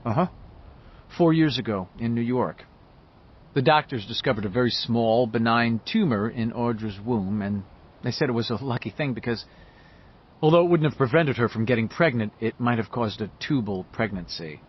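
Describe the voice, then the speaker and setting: Man voicing a quiet, reserved middle-aged writer. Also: medium pitch, lively intonation, normal speed, slightly rough, lo-fi sound. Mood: subdued.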